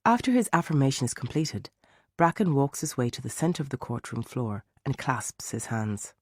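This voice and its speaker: A man narrating a mystery thriller audiobook in a measured storytelling way. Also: mid-range voice, very animated, no room sound, clean studio sound. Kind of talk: scripted narration.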